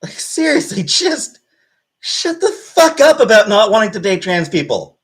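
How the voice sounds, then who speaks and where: A woman's voice: medium pitch, sing-song, measured pace, rough recording. A woman livestreamer ranting angrily and profanely to her chat, with an exasperated, mocking edge. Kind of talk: live-stream rant.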